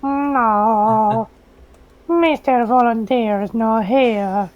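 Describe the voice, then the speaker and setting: A woman's voice: on the high side, extremely slow, muffled recording, slight background noise. A woman on a live stream, chiming in with short, playful interjections. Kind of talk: casual live-stream banter.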